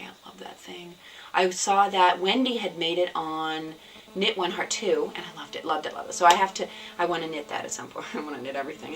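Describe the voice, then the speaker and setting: A woman hosts a homemade knitting podcast in easy, rambling chat full of ums and false starts. Her voice is bright and slightly low for a woman. The camera mic sits a bit away from her, so she sounds a touch distant. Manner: chatty, rambling, with many fillers and restarts. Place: at home, indoors.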